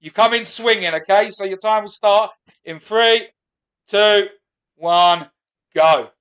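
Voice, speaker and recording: A man's voice: high-pitched, takes it slowly, a bit bright. A man hosting a live comedy stream, giving blunt, bossy instructions to guests and judges. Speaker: show host.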